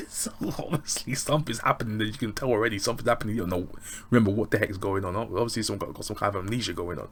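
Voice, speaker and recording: A man's voice: lowish voice, fast talker, gravelly, slight background noise. An English man reviewing a show in a loose, rambling, chatty way. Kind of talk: casual review chat.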